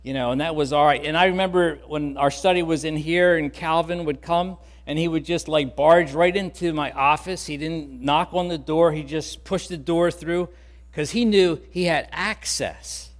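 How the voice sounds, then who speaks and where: A man pastor preaching a sermon in an earnest, conversational way, softening on key words. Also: on the high side, moderate pace, big-room sound.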